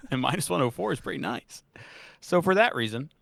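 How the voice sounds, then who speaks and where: A man's voice: fairly high pitch, lively intonation, moderate pace, creaky, fairly bright tone, no echo. A man co-hosting a sports podcast, blunt and swearing, laughing often in casual chat. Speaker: podcast co-host.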